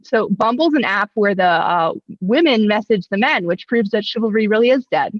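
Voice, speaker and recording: A woman's voice: medium pitch, lively intonation, moderate pace, no room sound, muffled recording. A woman in her twenties doing a stand-up set over a video call, dry and self-mocking, laughing at her own jokes. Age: 20s. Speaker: stand-up comedian.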